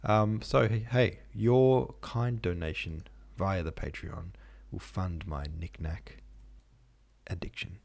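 A man's voice: low voice, steady tone, slow, gravelly, darkish tone. A man hosting a podcast, reading a classic novel aloud and chatting casually afterwards with joking asides. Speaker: podcast host and reader.

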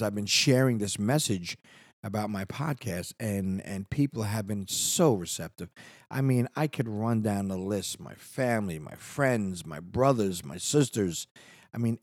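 Rambling earnest man, husky low voice. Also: normal speed, no echo, studio quality. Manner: rambling, earnest, restarts often. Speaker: podcast host. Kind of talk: casual solo podcast monologue. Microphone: studio microphone.

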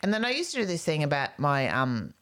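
A woman's voice: deep voice, big pitch swings, fast, fairly bright tone. A woman comedian co-hosting a casual chat, telling rambling stories and laughing through them. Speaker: comedian and co-host.

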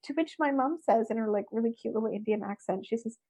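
A middle-aged woman, a guest in an interview, telling a personal story with lively expression. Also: on the high side, fast talker, breathy edge. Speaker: interview guest, workshop speaker.

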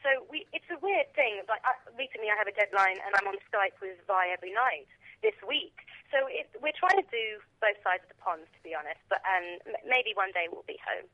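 A British woman, a comedian, chatting casually and quickly as a guest on a phone line. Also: medium pitch, lively intonation. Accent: British English. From England. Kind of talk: casual interview chat.

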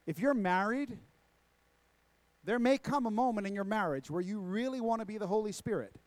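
High-voiced man preaching a sermon. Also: moderate pace, no room sound. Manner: preaching with emphatic repetition and rhetorical questions. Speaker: pastor. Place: church sanctuary.

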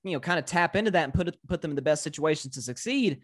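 A man's voice: on the high side, expressive, rapid-fire. A man from Tennessee with a slight Southern accent, co-hosting a casual sports podcast and making his points with emphatic repetition. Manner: emphatic, repeats words when building a point. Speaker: guest co-host.

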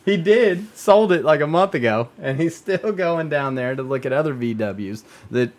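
A man's voice: fairly high pitch, expressive, moderate pace. A man hosting a casual podcast chat, laid-back and joking, with frequent swearing. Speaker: podcast host.

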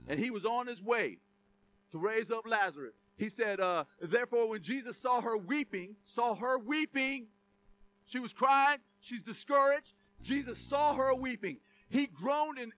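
A man's voice: very high-pitched, moderate pace, pushed and bright, no echo. A middle-aged man preaching a sermon in a conversational, joking way, full of asides and laughter. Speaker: pastor.

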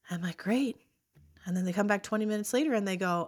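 A woman in her thirties telling a personal story as a podcast guest, animated, acting out what people said. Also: mid-range voice, fast talker. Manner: animated storytelling, acts out quoted voices.

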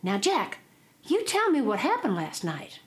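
A woman's voice: mid-range voice, wildly swooping pitch, measured pace. A woman voicing an anxious, shrewd older male mill owner, hollering in an urgent drawl.

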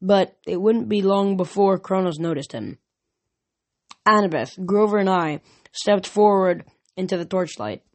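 A reader narrating a novel chapter aloud in steady first-person storytelling. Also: medium pitch, measured pace. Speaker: audiobook reader. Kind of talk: fan audiobook narration.

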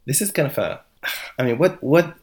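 A man's voice: on the high side, lively intonation, moderate pace, a little mellow. A middle-aged man, a philosopher, talking as a podcast guest with many restarts and hesitations. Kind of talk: podcast interview.

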